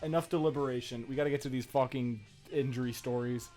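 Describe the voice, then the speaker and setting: Over soft background music, this young male podcast co-host speaks at medium pitch and a quick pace. He's recounting a story in relaxed conversation, cursing liberally and laughing as he goes in a lively, foul-mouthed retelling.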